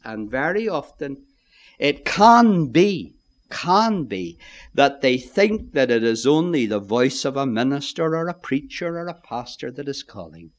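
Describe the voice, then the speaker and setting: A male preacher delivering a sermon, emphatic and rising and falling, dropping to hushed asides. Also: on the high side.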